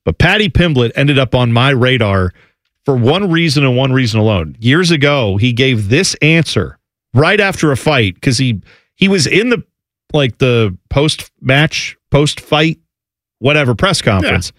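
A man hosting a sports radio show, chatting casually and playfully, quick to laugh. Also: mid-range voice, very animated, fairly bright tone, no room sound, studio quality. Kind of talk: casual sports talk chat.

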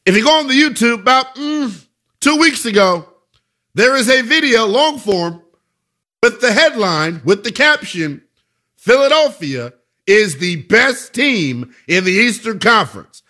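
A man's voice: very high-pitched, very animated, measured pace, pushed and bright. A man hosting a sports talk radio show, delivering an emphatic, conversational monologue full of rhetorical questions.

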